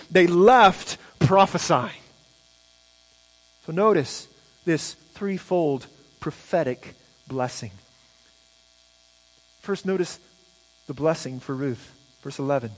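High-voiced emphatic male preacher. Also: in a large hall, poor audio. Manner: emphatic preaching with rhetorical questions; repeats and stumbles on words. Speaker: pastor. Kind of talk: sermon.

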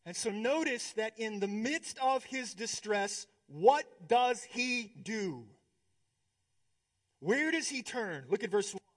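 A male pastor preaching a sermon, swinging between hushed, slow stretches and emphatic, rising ones. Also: high-pitched, lively intonation.

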